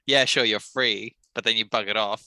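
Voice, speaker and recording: Bright blunt-talking man at the table. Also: lowish voice, steady tone, clean tone, no room sound. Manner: blunt, quick retorts. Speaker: player. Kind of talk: casual tabletop play.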